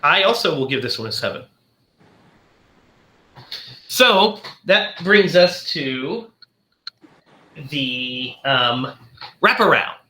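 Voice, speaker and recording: A man's voice: on the high side, sing-song, slow pace, long pauses, pushed and bright, reverberant, slight background noise. A man hosting a podcast, casually recapping a film in a rambling way and acting out lines with laughs. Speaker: podcast host.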